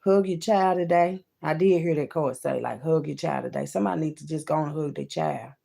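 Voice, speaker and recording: A woman giving a card-reading monologue, swinging between loud outbursts and hushed asides and calling her listeners "baby" and "child". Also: sits low, fairly quick, creaky. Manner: talks to viewers as "baby" and "child".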